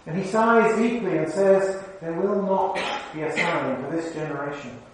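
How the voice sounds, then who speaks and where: A man's voice: on the high side, moderate pace, slight background noise. A man preaching a sermon in a conversational way, often putting questions to the congregation. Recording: very echoey hall, mic far off.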